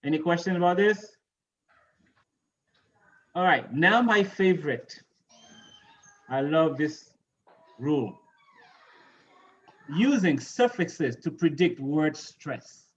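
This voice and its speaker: A man's voice: on the high side, lively intonation, takes it slowly, long pauses, lo-fi sound. A man teaching an English pronunciation lesson, patiently repeating words and quizzing his class on which syllable to stress.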